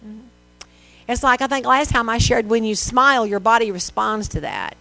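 High-voiced woman preaching, humming line. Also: expressive, normal speed, gravelly, bright, forceful tone, no echo. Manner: conversational preaching with rhetorical questions and mimicked voices. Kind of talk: sermon.

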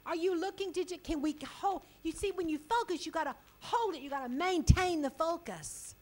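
A woman preaching a sermon, chatty and animated, laughing often as she reads and explains scripture. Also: very high-pitched, moderate pace, low-quality recording.

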